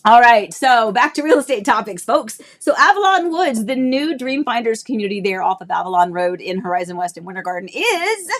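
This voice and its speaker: A woman's voice: fairly high pitch, sing-song, a little fast, hardly any pauses, a bit bright. A woman in her thirties hosting a casual livestream, talking in a chatty, rambling way with lots of fillers and restarts, nostalgic and emotional at times. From Florida, US. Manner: emotional and nostalgic, laughing between tears. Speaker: realtor and livestream host.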